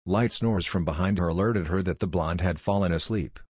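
Deep husky male story narrator. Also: fairly quick, no room sound, clean studio sound. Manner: even, storytelling. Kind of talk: scripted narration of a fan-fiction story.

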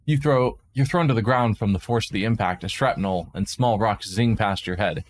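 Low-voiced man narrating a game. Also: normal speed. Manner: dramatic narration with asides. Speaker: let's play streamer. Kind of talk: reading a visual novel aloud.

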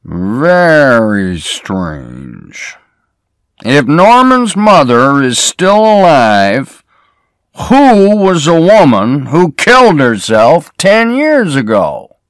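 A man reading the lines of a middle-aged small-town sheriff who questions people in a measured way. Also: fairly high pitch, wildly swooping pitch, dry recording, studio quality, pitched above the performer's own voice, heavily acted. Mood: questioning.

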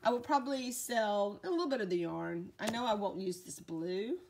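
A woman's voice: mid-range voice, animated, moderate pace, darkish tone, slight background noise. A middle-aged woman, rambling casually as a vlogger and chatting to her dogs. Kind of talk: casual chat.

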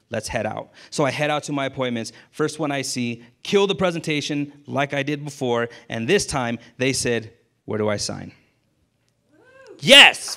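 With a creaky, mid-range voice, this male insurance agent guest spins a casual yarn in a frank, energetic way, performing the lines of the people he quotes.

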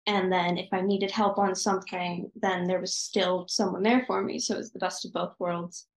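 A woman's voice: lowish voice, flat delivery, moderate pace, echoey room, rough recording. A teenage girl in seventh grade, answering interview questions with enthusiastic, gushing bursts over a video call. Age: teenage 7th grader. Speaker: student guest.

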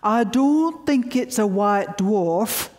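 A man's voice: high-pitched, expressive, darkish tone. Woman doing a blunt Yorkshire physicist. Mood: deliberate. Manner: slow, deliberate, matter-of-fact. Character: blunt senior male physicist in front row.

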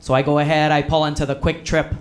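A man's voice: fairly high pitch, level tone, quick pace, natural voice. A middle-aged small-town uncle with a thick Wisconsin accent, folksy and sure of himself, as a man puts him on. He rambles on and keeps calling out names in a raised, eager voice. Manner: folksy, repeats name, long-winded.

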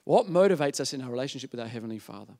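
A man preaching a sermon, telling a story in an animated way, acting out voices and often asking the audience "yeah?". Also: medium pitch, very fast.

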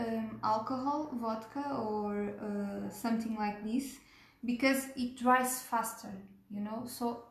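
A woman teaching a cake decorating tutorial step by step, gentle and unhurried, pausing with fillers and checking in with "okay?". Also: on the high side. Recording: echoey room.

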